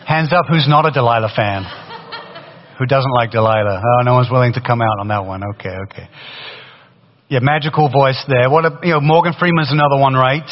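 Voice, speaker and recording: Loud, animated preacher in a reverberant hall. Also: male voice, mid-range voice, fairly quick. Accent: faded British. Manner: animated, conversational preaching with frequent restarts. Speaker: pastor. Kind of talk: sermon. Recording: dull sound in a long-reverb hall.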